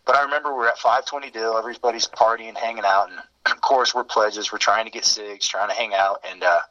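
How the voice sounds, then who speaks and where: A man's voice: on the low side, steady tone, fairly quick, pushed and bright. A man telling fraternity-days stories in a rambling, laid-back way, heard over a muffled remote line. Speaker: interview guest. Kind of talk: casual storytelling.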